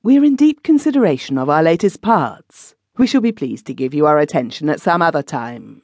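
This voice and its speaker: A woman's voice: deep voice, big pitch swings, brisk, darkish tone, dry recording, heavily acted. A woman reading the part of a fat male comic actor who talks in a theatrical, declamatory way, in an audiobook. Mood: dignified.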